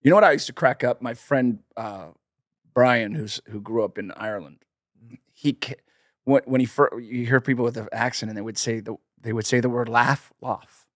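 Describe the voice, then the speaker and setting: A man's voice: mid-range voice, normal speed, no room sound, studio quality. Wry, explaining American man. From United States. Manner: explains with opinions, wry jokes. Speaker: podcast co-host. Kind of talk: casual chat.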